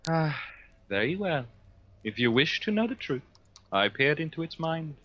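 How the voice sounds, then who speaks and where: A man's voice: fairly high pitch, sing-song, moderate pace, dry recording, lo-fi sound. Haughty man playing a psyker. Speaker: player. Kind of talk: tabletop role-play in character as a psyker.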